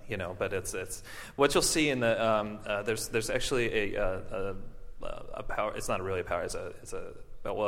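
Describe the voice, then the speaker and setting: A man telling an audience his own story, halting often, with many fillers and restarts, and laughing at himself. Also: lowish voice, fairly bright tone. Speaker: performer and stroke survivor. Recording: long hall reverb.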